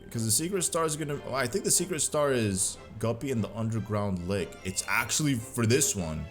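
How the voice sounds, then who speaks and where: A man's voice: medium pitch, lively intonation, a little fast, soft background music. A man giving casual, joking commentary while playing a video game, full of slang and playful trash talk. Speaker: gaming commentator.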